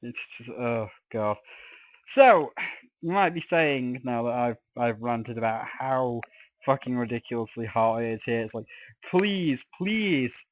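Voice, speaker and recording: A man's voice: mid-range voice, measured pace, no echo. A man with a slightly sore throat, ranting and swearing in exasperation while giving casual gameplay commentary as a let's play host. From England.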